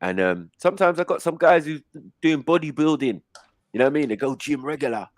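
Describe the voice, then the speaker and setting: A man hosting a casual chat, telling stories in a lively, slangy way. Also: a little high, brisk, no echo. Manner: animated storytelling, slangy. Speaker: host.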